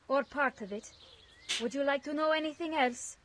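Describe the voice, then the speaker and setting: A woman voicing a grieving refugee mother in a fantasy game, speaking formally and gently. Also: high voice, moderate pace. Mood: sorrowful. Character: grieving mother, refugee mage from a desert land. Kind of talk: game voice acting.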